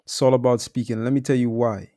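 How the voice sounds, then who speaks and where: A man's voice: medium pitch, fairly even intonation, fast talker, warm tone. A man talking as a sales coach in a casual discussion, laid-back and slangy, explaining with examples.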